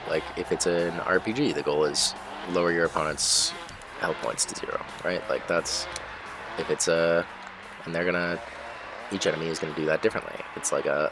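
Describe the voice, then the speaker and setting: A man giving casual, rambling commentary while playing a racing game, breaking off to react loudly whenever he crashes. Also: extremely low pitch. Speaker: gaming channel host. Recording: game music behind voice. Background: game music and engine sounds.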